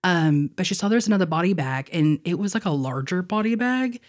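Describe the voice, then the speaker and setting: A woman's voice: fairly low pitch, expressive, brisk, a little mellow. A young woman co-hosting a podcast, telling a personal story in a casual chat, laughing often and leaning on fillers like "like" and "you know.". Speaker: podcast co-host.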